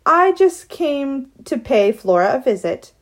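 A woman's voice: sits high, big pitch swings, measured pace, pitched above the performer's own voice. A woman voicing a sly, composed older great-aunt who talks in a dry, lightly arch way.

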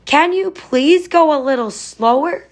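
A woman's voice: medium pitch, expressive, moderate pace, natural voice. A woman voicing a nervous, anxious young boy in a storybook reading, worried and pleading.

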